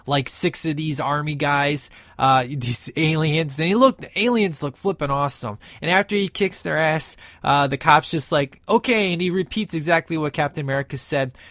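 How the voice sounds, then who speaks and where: A man's voice: on the high side, moderate pace, few pauses, fairly bright tone, no echo, clean studio sound. A man giving a casual, enthusiastic movie review, rambling with many fillers and restarts.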